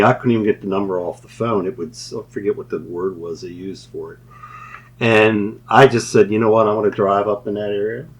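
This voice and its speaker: A man's voice: on the low side, husky, poor audio. A man telling rambling paranormal anecdotes on a casual radio show, often laughing at his own stories. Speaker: paranormal investigator, show regular. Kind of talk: casual storytelling chat.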